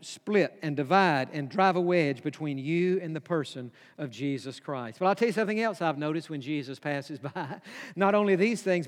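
A man's voice: fairly high pitch, long reverb tail. A man preaching a sermon, emphatic and repeating his key phrases for weight. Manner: emphatic, repeats key phrases, drops to a hush for quoted whispers.

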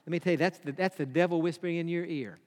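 Man, sermon, higher voice, emphatic repetition, church hall reverb. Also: quick pace. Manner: emphatic, repeats key phrases, drops to a hush for quoted whispers. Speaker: preacher.

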